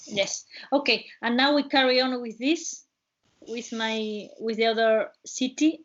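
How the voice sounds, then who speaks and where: Woman host with an Andalusian accent, high voice, presenting over a dull, muffled video-call line in halting, restarting English. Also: fairly bright tone. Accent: Andalusian Spanish. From Cádiz province, Spain. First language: Spanish. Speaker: webinar host and travel guide.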